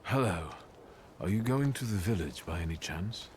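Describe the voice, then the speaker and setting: Composed video game traveler: low, calm and polite. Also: male voice, normal speed, a little hiss or hum. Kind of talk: game voice acting.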